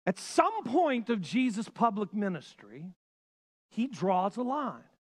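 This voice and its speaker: A male pastor preaching a sermon with passion, swinging between loud bursts and hushed lines. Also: high-pitched, sing-song, takes it slowly.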